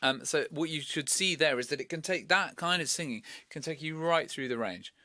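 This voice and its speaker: A male tenor vocal coach giving an unhurried lesson, explaining as he thinks aloud with small fillers. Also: a little high, pushed and bright, no echo. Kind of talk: instructional talk with sung demonstrations.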